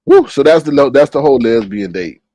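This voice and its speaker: A man's voice: mid-range voice, big pitch swings, brisk, dark tone, no room sound. A man telling a story in casual commentary, gossipy, with dramatic exclamations. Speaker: commentary vlogger.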